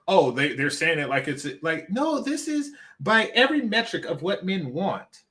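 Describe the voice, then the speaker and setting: A man's voice: high voice, big pitch swings, normal speed, hardly any pauses, bright, forceful tone. A man hosting a reaction commentary, emphatic and mocking, often repeating himself. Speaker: commentary channel host.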